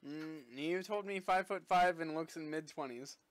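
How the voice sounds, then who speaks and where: A man's voice: on the high side, moderate pace, no echo. A man chatting casually as a player in a tabletop game, asking matter-of-fact questions.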